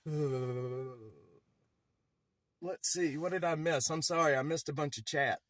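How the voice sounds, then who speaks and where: A man's voice: a little high, unhurried, pauses often, fairly bright tone, no room sound, rough recording. Shivering man live-streaming outdoors. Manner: rambling, laughs often, talks to chat. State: shivering from cold. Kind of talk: casual live-stream narration. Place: outdoors in a cemetery. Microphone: phone held in hand.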